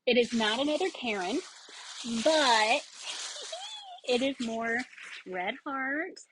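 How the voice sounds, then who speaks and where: A woman chatting excitedly in a casual haul video, rambling with fillers and bursts of enthusiasm. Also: high-pitched, slow, noisy background. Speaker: yarn vlogger.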